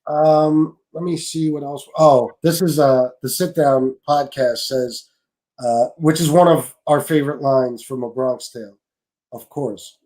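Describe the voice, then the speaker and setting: A man's voice: medium pitch, steady tone, unhurried, a little mellow, rough recording. A man hosting a live-stream interview over a video call, easygoing as he reads out viewer comments. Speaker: live show host.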